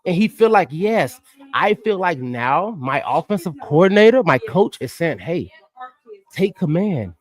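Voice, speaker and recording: A man hosting a casual sports podcast, animated and emphatic as he talks. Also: a little high, moderate pace. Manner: animated and emphatic, slips into impressions. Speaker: podcast host.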